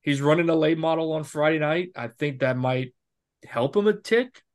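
A man's voice: fairly high pitch, expressive, normal speed. A man in his thirties co-hosting a podcast, talking through sports bets in a rambling, self-correcting way. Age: 30s. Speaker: podcast co-host. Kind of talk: casual sports betting chat.

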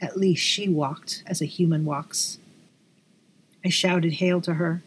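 A woman narrating a dark first-person story in a measured, dramatic reading. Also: lowish voice, fairly even intonation, slight background noise. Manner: measured, slowing on dramatic lines.

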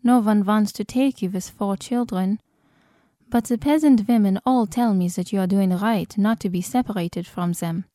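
A woman voicing a kind-hearted male village leader who speaks softly and apologetically. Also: mid-range voice, moderate pace, dry recording, clean studio sound, natural voice. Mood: gentle. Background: cinematic score.

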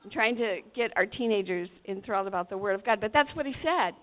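A woman's voice: on the high side, brisk. A woman preaching a sermon to teenagers, telling the story dramatically and acting out the voices. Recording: tinny phone-like recording.

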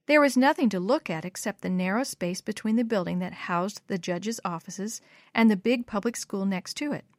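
A woman narrating a storybook aloud in a clear, measured way. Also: mid-range voice, no echo, clean studio sound. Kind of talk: storybook reading.

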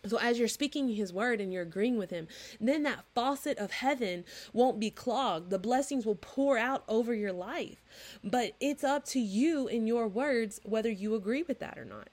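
A woman in her thirties preaching in a casual, chatty way, earnest and animated as she acts out little dialogues. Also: fairly high pitch, moderate pace. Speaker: Christian podcast host. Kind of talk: informal preaching monologue.

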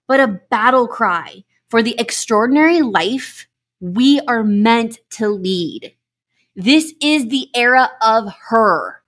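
Gushing, fired-up woman podcast host. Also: a little high. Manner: gushing, emphatic, swears for emphasis. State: emotional, near tears. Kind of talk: motivational podcast monologue.

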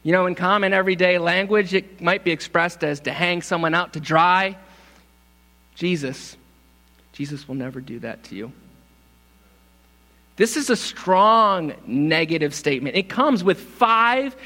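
A man's voice: sits high, moderate pace, sharp tone. A male pastor preaching a sermon, emphatic and repeating words for stress, calling for responses. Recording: long hall reverb.

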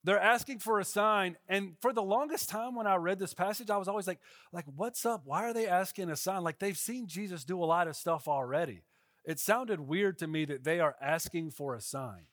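A man's voice: high voice, moderate pace, fairly bright tone, no echo, clean studio sound. A male pastor gives a casual, conversational sermon and often checks in with his listeners.

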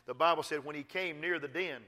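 A man preaching a sermon, folksy and emphatic, rising to loud exhortations and dropping to quiet asides. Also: a little high, fairly quick. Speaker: pastor.

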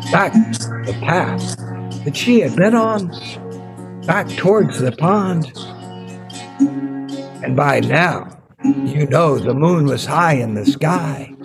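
A man telling a folktale in an improvised, slow and measured storytelling manner. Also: a little high, lively intonation, gravelly, over music, poor audio. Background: veena accompaniment.

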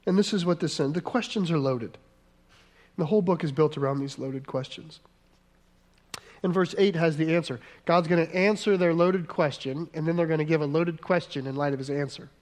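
Guy preaching, fairly high voice, earnest, drags words out for emphasis. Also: moderate pace. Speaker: pastor. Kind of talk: sermon.

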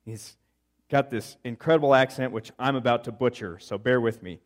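A man preaching a sermon, telling stories in an animated, chatty, playful way. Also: mid-range voice, normal speed. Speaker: pastor. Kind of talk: conversational sermon storytelling.

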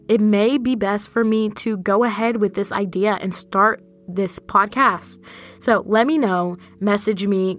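A young woman hosting her own podcast, talking casually and directly to her listeners in a relaxed, chatty monologue. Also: mid-range voice. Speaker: podcast host.

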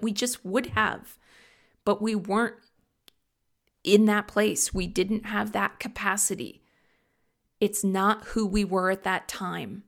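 A middle-aged woman hosting a reflective solo talk, earnest and gently confiding as she shares personal thoughts. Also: medium pitch.

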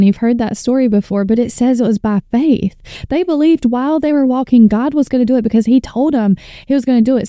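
A woman in her thirties, a podcast host and author, reads scripture on her faith podcast with earnest, preacher-like fervor and build-ups. Her voice is a little high, dark-toned and smooth, recorded close to the mic with no echo.

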